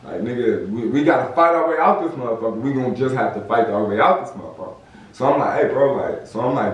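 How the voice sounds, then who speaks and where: This young podcast host from Southern California talks quickly in a mid-range voice, recounting a story in animated slang and performing the quoted lines. The sound is lo-fi, captured off-mic from a distance in an echoey space.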